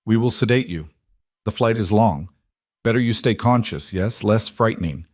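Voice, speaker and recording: A man's voice: lowish voice, moderate pace, dry recording, clean studio sound, natural voice. A man voicing a tall, coldly courteous mob enforcer with a thick Eastern European accent and broken English. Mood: coldly polite. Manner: broken English, calm and menacing.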